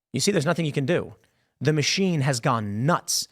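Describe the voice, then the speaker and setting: A man's voice: a little high, lively intonation, brisk. A man hosting a show, giving casual, opinionated commentary with lots of rhetorical questions. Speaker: show host.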